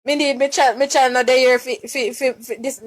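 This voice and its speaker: A Jamaican woman speaks on a live stream with a fairly high voice, upset and pleading. She halts often, repeating words and restarting her sentences as she appeals for help. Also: fairly even intonation. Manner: distressed, halting, many restarts and repeated words. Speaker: mother making a public appeal.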